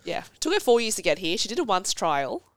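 A woman's voice: mid-range voice, very animated, quick pace, no echo, clean studio sound. A woman in her thirties, a podcast guest chatting casually and telling stories with laughter and expression. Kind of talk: casual chat.

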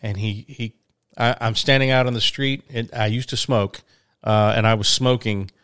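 A man's voice: mid-range voice, fairly even intonation, moderate pace, a bit bright, clear, resonant tone, no echo, clean studio sound. A man telling a story in casual chat, rambling with fillers and restarts.

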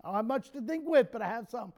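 Speaking quickly in a very high-pitched voice, a male pastor delivers an animated sermon to his congregation, moving from soft joking asides to loud shouting.

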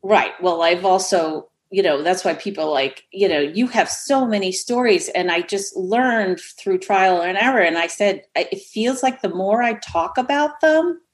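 A woman guest on a podcast, telling a rambling, animated story in casual chat. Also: medium pitch, moderate pace, few pauses.

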